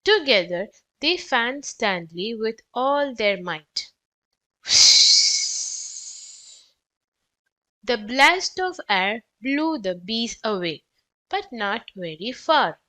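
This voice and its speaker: A woman reads a children's storybook aloud for young kids, clear and expressive. Her voice sits a bit high and rises and falls in a very lively way. She reads at an unhurried, very slow pace. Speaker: children's book reader.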